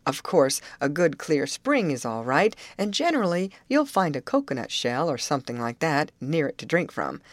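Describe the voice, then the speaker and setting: A woman's voice: deep voice, big pitch swings, normal speed, hardly any pauses, dry recording. Woman reading as a blunt male overseer. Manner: blunt, matter-of-fact warnings. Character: gruff middle-aged male plantation overseer. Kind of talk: audiobook character reading.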